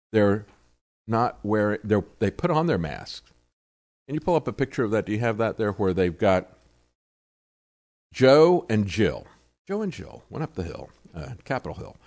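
A man hosting a political talk show, delivering sarcastic commentary and mocking the people he quotes. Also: mid-range voice.

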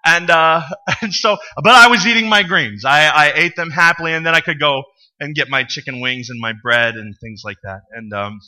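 A man's voice: on the high side, moderate pace, bright, forceful tone. A man preaching a sermon to his congregation, telling stories with humor and asking the people questions. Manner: conversational storytelling with humor, asks the congregation questions. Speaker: pastor. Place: church sanctuary.

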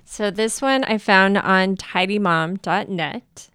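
A woman co-hosting a podcast, chatting casually, bubbly and giggly with quick reactions. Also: medium pitch, a bit bright, clean tone, no echo, studio quality. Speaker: podcast co-host. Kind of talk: casual chat.

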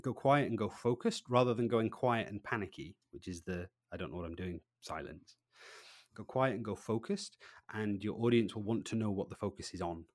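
A man with a fairly low voice speaks as an interview guest. He talks with lively energy, dropping to near quiet and then jumping up loud as he acts out little scenes. The sound is dry and close to the mic. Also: normal speed, no room sound. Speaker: presentation trainer, guest. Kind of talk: animated podcast interview.

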